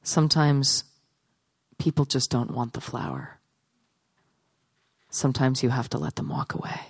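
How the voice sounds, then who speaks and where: A woman performing a spoken story and reading aloud, with a wry, unhurried, deadpan delivery. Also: rumbling low, breathy edge.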